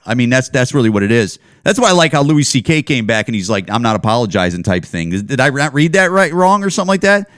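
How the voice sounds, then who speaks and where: A man hosting a solo podcast from home, riffing in a loose, profanity-laced rant that runs on and doubles back. His voice sits on the higher side for a man. The recording is dry, with no room sound around him. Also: a bit bright, dry recording. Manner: profane, ranting, loose run-on delivery. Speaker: podcast host. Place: at home, indoors.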